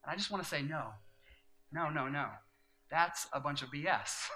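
A middle-aged male pastor gives a sermon in a very bright, ringing voice pitched a little high. He tells his story earnestly and quietly, then builds to emphatic preaching. A faint hum sits behind him. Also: expressive, moderate pace, poor audio.

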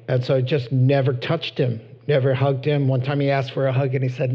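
Animated preacher with lo-fi sound. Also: male voice, brisk, hardly any pauses. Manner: animated, acts out voices, rises to high excited peaks. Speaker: pastor. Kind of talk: sermon. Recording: dull lo-fi sound.

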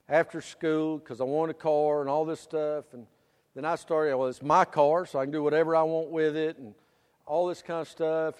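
A middle-aged pastor delivers a sermon in a high, ringing, clear and resonant voice. He rises into loud, drawn-out preaching, then falls back to quiet, plain storytelling, all wrapped in the long reverb of a church hall.

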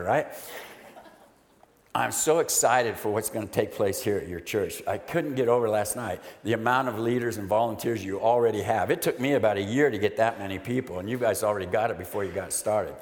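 A middle-aged man, a recovery pastor, giving an excited, emotional testimony to a church congregation and telling stories with animated voices. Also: lowish voice, brisk. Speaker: recovery pastor, guest speaker. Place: church hall. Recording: echoey hall with long reverb.

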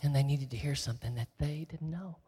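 Husky man speaking in a reverberant hall. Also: on the high side, a little fast. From Texas. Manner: shifts from lively storytelling to soft emotional whispers. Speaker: guest speaker, ventriloquist. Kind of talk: inspirational storytelling talk.

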